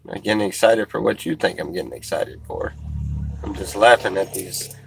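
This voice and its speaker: A man chatting casually on a livestream, reading chat comments aloud, halting with many fillers and restarts and chuckling as he goes. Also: low voice, animated, creaky, a bit bright, slight background noise.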